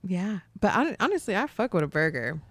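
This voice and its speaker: A woman's voice: medium pitch, big pitch swings, brisk, no echo. Laughing young woman in casual chat. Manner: laughs often, acts out quotes of family. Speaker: podcast co-host.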